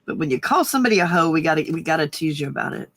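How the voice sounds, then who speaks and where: A woman chatting casually on a livestream, giggling often and filling pauses with ums. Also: deep voice, lively intonation, fairly bright tone, no echo. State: slightly husky morning voice. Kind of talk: casual chat.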